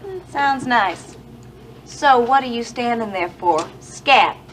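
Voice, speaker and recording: An actress playing a kindly, teasing coworker in a 1980s TV soap opera. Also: female voice, on the high side, expressive, takes it slowly, slight background noise, low-quality recording. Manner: warm, teasing, encouraging. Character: kindly motherly coworker, Nita.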